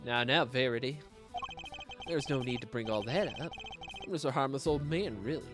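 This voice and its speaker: A man putting on a doddering grandfatherly old man. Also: lightly acted. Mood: smooth. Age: older. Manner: grandfatherly, sentimental, slower and lower. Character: genial elderly man, former chief prosecutor. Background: game music.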